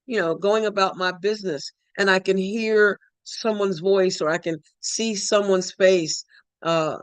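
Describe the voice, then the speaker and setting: A woman shares heartfelt spiritual reflections with her study group, repeating words and whole phrases as she goes. Her voice sits at a middle pitch. The sound is dry and close, with almost no room echo. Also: unhurried, clear, resonant tone. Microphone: online call.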